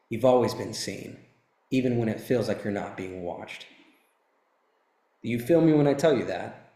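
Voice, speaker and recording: In a medium-pitched, darkish voice, a motivational speaker in his thirties delivers an intense, emphatic talk, telling a personal story and swearing freely. The sound is roomy.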